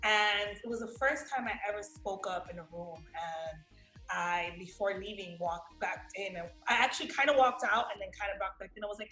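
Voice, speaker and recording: Bright-voiced woman with a New York tinge. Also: mid-range voice, normal speed. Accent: New York-tinged American. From Miami, USA. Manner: animated, swears freely, acts out quoted voices. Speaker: actress guest. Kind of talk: casual storytelling interview. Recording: roomy echo with faint music.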